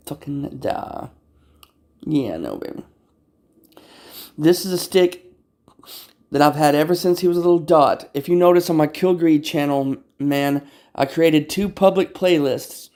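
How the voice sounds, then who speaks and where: A man's voice: fairly high pitch, gravelly, darkish tone. A man casually filming his cats at home on a camera on a tripod. He talks playfully, swears freely and coos at them in baby talk. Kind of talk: casual livestream chat. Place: indoors at home. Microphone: phone or camera on a tripod.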